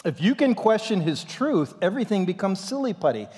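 A man preaching a sermon as pastor, in an animated and dramatic way, in a church sanctuary. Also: high-pitched, a little fast, husky. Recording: long reverb in a church hall.

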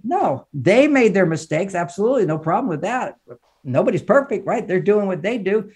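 Emphatic, fairly high-voiced man explaining relationships. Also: fairly quick, husky. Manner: emphatic, lively, teacherly, often laughing while talking. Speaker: relationship author and counselor, podcast guest. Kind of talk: podcast conversation, advice and explaining.

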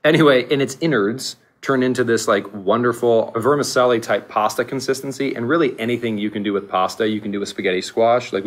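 A man co-hosting a casual podcast, animated, laughing often and restarting his sentences. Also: lowish voice. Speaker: podcast co-host.

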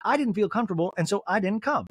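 A man imitating a blunt older woman from a reality show, who talks in a slow, flat, matter-of-fact way. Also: high-pitched, breathy edge, no room sound, voice pushed up. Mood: aggrieved.

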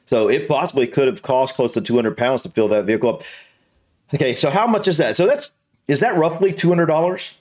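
An American man reacting to a video in a casual, halting way, thinking aloud with fillers and restarts. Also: mid-range voice, a little mellow. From United States.

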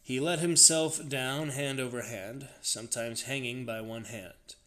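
A man's voice: mid-range voice, a little slow. Man reading a thriller aloud dramatically. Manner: dramatic, varied expressive reading. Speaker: reader.

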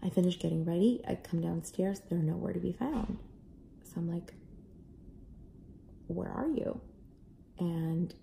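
A young adult mother casually telling a family story to camera, animated, acting out voices now and then. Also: fairly low pitch, gravelly, a little hiss or hum. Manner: animated, acts out kids' and own voices. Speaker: parent vlogger.

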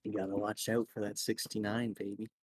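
Young male gamer, warm dark voice, relaxed rule explainer, dry close sound. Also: lowish voice, brisk, slightly rough, no echo. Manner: explains rules, laughs and swears easily. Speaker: guest gamer. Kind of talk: casual gaming chat.

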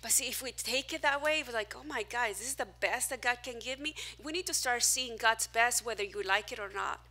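A woman pastor preaching a sermon in a church, animated and self-mocking, swinging between loud and soft. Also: a little high, fairly quick. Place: church hall, preaching to a small crowd.

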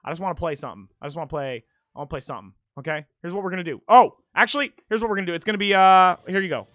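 A young man streaming a rhythm game, chatting casually, swearing freely and shouting when he celebrates. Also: high-pitched, very fast, dry recording, clean studio sound. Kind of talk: casual live-stream chat while gaming.

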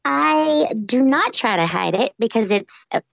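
A woman from Tennessee with a Southern accent, animated and laughing as she tells stories in an interview over a video call. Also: on the high side, unhurried, creaky, dry recording, poor audio. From Memphis, Tennessee. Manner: animated, laughing, quotes others in voices. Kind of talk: casual interview. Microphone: Skype call.

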